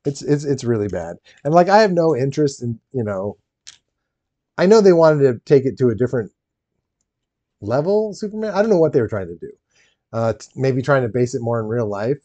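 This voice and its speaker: A man's voice: medium pitch, big pitch swings, fairly quick, warm tone, no echo, muffled recording. A man streaming live while building a Lego set, chatting casually and rambling, laughing often and answering his chat.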